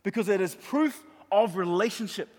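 The long reverb of a large hall carries a middle-aged preacher's high voice at a moderate pace. He tells stories warmly in his sermon and hammers home his points by repeating them.

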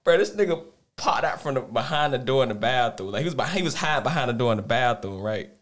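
A young man co-hosting a podcast, telling a story in a casual, animated way and laughing often. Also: mid-range voice, fast. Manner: animated, laughing storyteller, loud when acting out quotes. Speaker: podcast co-host.

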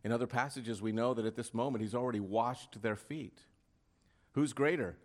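A man preaching from the pulpit in a mid-pitched voice, pressing his points with rhetorical questions. He moves between firm emphasis and quiet, hushed passages as he delivers his sermon. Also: moderate pace. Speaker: pastor.

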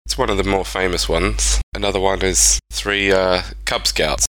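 A man's voice: low-pitched, steady tone, normal speed, fairly bright tone, no echo, low-quality recording. A man, casually retelling strange stories as a podcast co-host, rambling with speculative asides. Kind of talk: casual storytelling chat.

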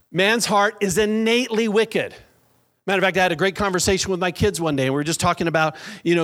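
A middle-aged man preaching a lively sermon in a church, drawing call-and-response from the congregation. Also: sits high. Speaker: pastor.

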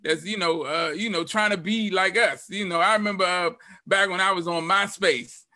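Laid-back male host, high bright voice, dry recording. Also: steady tone, moderate pace, dry recording. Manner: easygoing, frequent "right, right" backchannels. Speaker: podcast host. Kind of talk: casual podcast interview.

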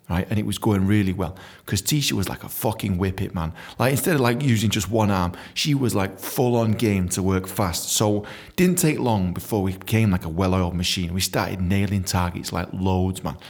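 Gravelly man telling a story. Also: lowish voice, moderate pace. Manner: animated, swears a lot, says "man" often. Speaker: podcast storyteller. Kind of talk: casual storytelling.

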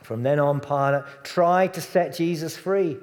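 Preacher in a reverberant church hall. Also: male voice, a little high, measured pace. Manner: conversational, drops to soft hushed tones on tender points. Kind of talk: sermon.

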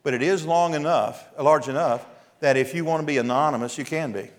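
A man, a pastor preaching an earnest, exhorting sermon with emphatic pauses. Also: fairly high pitch. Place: church sanctuary. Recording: long hall reverb.

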